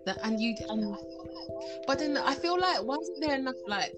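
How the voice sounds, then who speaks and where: A woman's voice: sits high, expressive, moderate pace. A woman hosting a casual podcast, reacting with frequent exclamations. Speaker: podcast host. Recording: music playing behind.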